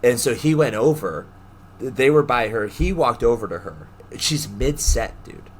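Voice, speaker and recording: A young man co-hosting a podcast, telling stories in casual chat, animated, laughing often and acting out the people he quotes. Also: mid-range voice, measured pace, husky. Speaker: podcast co-host.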